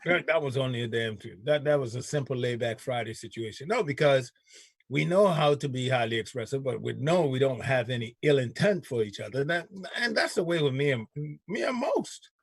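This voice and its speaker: A man's voice: mid-range voice, expressive, fairly quick, creaky, slightly rough, no echo. A man hosting a casual talk show, telling stories bluntly and animatedly with some cussing. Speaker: show host. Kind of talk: casual chat.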